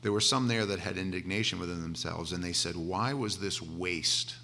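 Man preaching with a bright, forceful voice. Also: deep voice, moderate pace, creaky, slight background noise. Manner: conversational and animated, acting out voices of disciples. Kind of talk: sermon.

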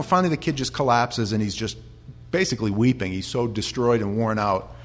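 An American pastor talks through scripture in an easygoing, conversational sermon, with fillers and restarts. His voice sits in a middle pitch, and it rises into fervent, loud storytelling at times. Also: fairly quick. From United States. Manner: conversational, builds to loud impassioned retelling.

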